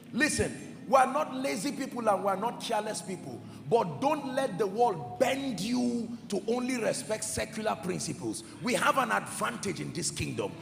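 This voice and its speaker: High gravelly preacher guy going loud then quiet, big echoey church, music under him. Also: big pitch swings, normal speed. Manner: fervent, emphatic, swings from shouting to hushed. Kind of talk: sermon. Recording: echoey hall with music behind. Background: soft music.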